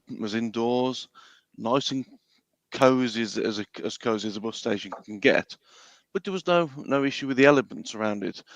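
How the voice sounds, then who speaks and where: A man's voice: mid-range voice, vocal fry, dry recording. A man co-hosting a casual chat show, wry and chatty as he gives an example.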